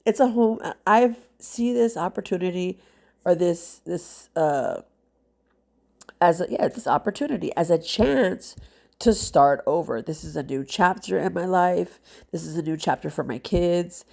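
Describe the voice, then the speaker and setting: A woman's voice: lowish voice, lively intonation, measured pace, creaky, darkish tone. A woman, a mother, talking casually and heartfelt to camera as a nail vlogger, rambling with many fillers and sounding congested. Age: adult with children.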